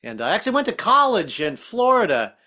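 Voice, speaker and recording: A man's voice: high-pitched, huge pitch swings, fairly quick, bright, forceful tone. A man doing a stand-up comedy set, stammering and restarting often and slipping into put-on voices. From American South. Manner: stammering, self-interrupting delivery with frequent put-on voices.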